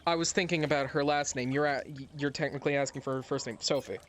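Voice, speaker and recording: A man running a tabletop game as game master, talking casually and pausing to recall details. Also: mid-range voice, fairly even intonation, a bit bright, a little hiss or hum.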